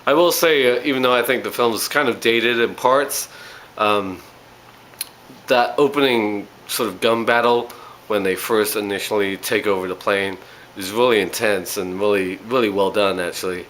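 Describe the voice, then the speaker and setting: A man's voice: on the low side, normal speed, a bit bright, a little hiss or hum, rough recording. A man giving a casual spoken movie review, rambling along with frequent ums and uhs.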